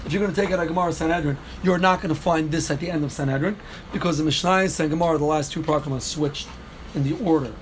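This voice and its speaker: A man's voice: a little high, steady tone, fast talker, a little hiss or hum. A man teaching a daily Talmud class, explaining step by step, repeating key phrases and answering students' questions.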